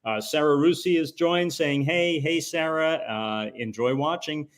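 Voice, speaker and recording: A man hosting a live stream, speaking in a relaxed way with many fillers and reading out viewer comments. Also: on the high side, a little slow. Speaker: host. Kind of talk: live-stream host chat.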